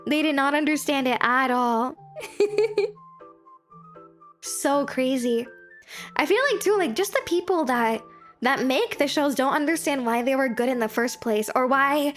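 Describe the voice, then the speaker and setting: Young woman vtuber chatting w chat, high voice, giggly and bubbly, faint music behind. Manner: bubbly, giggly, animated, quick pitch jumps when excited. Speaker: VTuber streamer. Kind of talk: casual chat with livestream chat.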